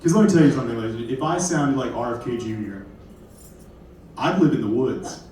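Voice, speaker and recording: A man's voice: medium pitch, lively intonation, fairly quick, a little mellow, slight background noise. Rambling young man doing stand-up. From Kentucky. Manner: rambling, self-deprecating, apologetic asides. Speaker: stand-up comedian. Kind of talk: stand-up comedy set. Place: comedy club stage. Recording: very echoey room from far off.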